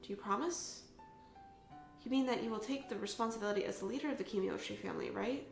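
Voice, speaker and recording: A woman's voice: medium pitch, fast talker, gravelly, roomy sound, faint music behind, lightly acted. Woman reading as a dutiful young family heir. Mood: pressing.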